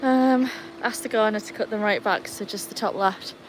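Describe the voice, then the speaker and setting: A woman's voice: medium pitch, fairly quick, slight background noise. A woman hosting a casual livestream in her garden, chatting to viewers while fussing over her dogs. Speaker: livestream host. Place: outdoor garden.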